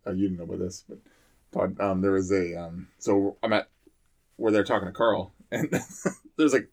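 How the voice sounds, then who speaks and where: Gravelly man telling a rambling story. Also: sits low, steady tone, moderate pace. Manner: rambling, laughs often while telling stories. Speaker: firefighter and podcast co-host. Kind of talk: casual storytelling chat.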